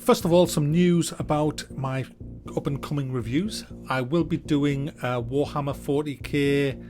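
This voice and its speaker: A man's voice: fairly high pitch, measured pace, over music. A man hosting a casual gaming news vlog, joking, swearing freely and rambling from topic to topic. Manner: animated, joking, sweary, jumps between topics. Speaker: gaming channel host.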